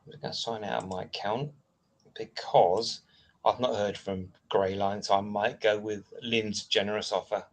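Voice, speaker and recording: A man's voice: fairly low pitch, steady tone, normal speed. A man with a British accent hosting a casual live stream, rambling and chatting as he answers viewer comments between asides.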